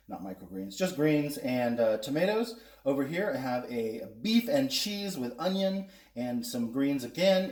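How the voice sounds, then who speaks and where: A man's voice: medium pitch, darkish tone. A man hosting a casual food taste-test vlog, chatting to viewers and talking with his mouth full as he eats. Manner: chatty, talks with mouth full while eating. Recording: echoey room, mic at a distance.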